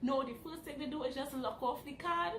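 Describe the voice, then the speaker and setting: A woman's voice: high voice, brisk. A young woman telling a dramatic story in a casual vlog. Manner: animated, dramatic retelling. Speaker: vlogger. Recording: roomy with faint background noise.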